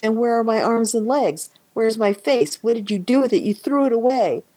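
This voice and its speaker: A woman reading aloud the lines of a distraught young man who accuses and shouts in grief. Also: medium pitch, big pitch swings, normal speed, slightly rough, pitched above the performer's own voice. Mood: anguished. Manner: anguished, accusing.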